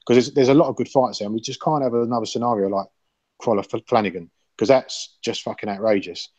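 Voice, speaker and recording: A man's voice: medium pitch, steady tone, quick pace, warm tone, slightly rough, dry recording. A man hosting a casual podcast panel chat, rambling and opinionated and swearing freely. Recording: dull lo-fi sound.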